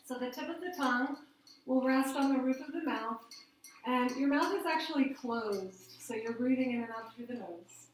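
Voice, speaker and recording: A woman teaching a gentle yoga class, guiding the breath in a calm, soothing way. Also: sits high, normal speed, slight background noise. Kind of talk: guided yoga instruction. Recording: very echoey room.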